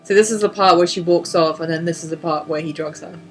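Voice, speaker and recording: A woman co-hosting a podcast, chatting casually through a film commentary, joking and swearing and acting out characters in quick asides. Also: lowish voice, fairly even intonation, faint music behind. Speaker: podcast co-host.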